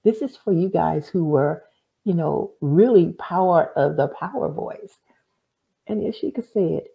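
A woman's voice: on the low side, lively intonation, measured pace, gravelly, dull audio. A woman guest telling her story earnestly and with faith, often acting out what others said. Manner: earnest, faith-filled, acts out quoted dialogue. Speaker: guest, author. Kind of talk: storytelling interview answer.

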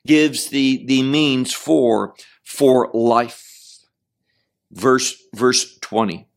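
Slow, deliberate male Bible teacher. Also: mid-range voice. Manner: deliberate, often repeats and restarts words; explains Hebrew terms. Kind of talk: verse-by-verse scripture teaching.

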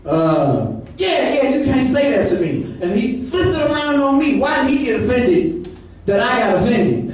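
A man from Saint Louis works through a stand-up story, acting out every person in it. His voice sits high and leaps around. He is heard from a distance in a very echoey club with clear room noise. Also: moderate pace. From Saint Louis, Missouri. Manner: animated storytelling, acts out the people in his stories. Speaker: stand-up comedian. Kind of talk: stand-up comedy set.

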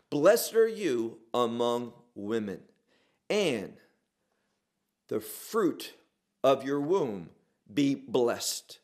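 A man preaching an expository sermon, slow and emphatic, pausing between short phrases. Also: fairly high pitch.

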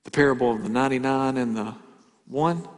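A man preaches in a big church sanctuary, his medium-pitched voice trailing off into a long reverb. He talks to the congregation with rhetorical questions, pushing some phrases loud and dropping others to a hush. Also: a little fast. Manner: conversational preaching with rhetorical questions and dramatic shifts in volume. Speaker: pastor. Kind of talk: sermon. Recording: hall reverb.

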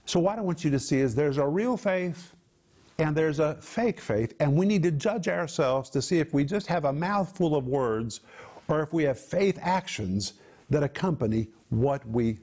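A male Bible teacher on a broadcast program, with a voice pitched a little above most men's. He teaches emphatically and lingers over the meanings of Greek words. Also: expressive, normal speed, a little mellow, husky.

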